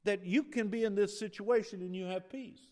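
A middle-aged man preaching a sermon in a church, his voice climbing and growing loud on key points, with many restarts and fillers. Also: sits high, normal speed. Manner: animated, rising loud on emphasis, restarts and fillers.

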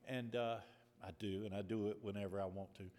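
A man preaching a sermon and telling a personal story in an earnest, deliberate way, with lots of repetition. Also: fairly low pitch, steady tone, a little mellow. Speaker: pastor. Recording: long reverb of a large hall.

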